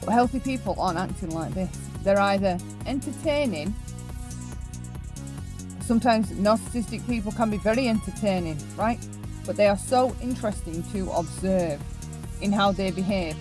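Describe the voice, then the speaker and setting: A woman's voice: medium pitch, moderate pace. Emphatic woman commentator, faint music behind. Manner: emphatic, keeps asking "right?". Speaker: commentary channel host. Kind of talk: opinion commentary.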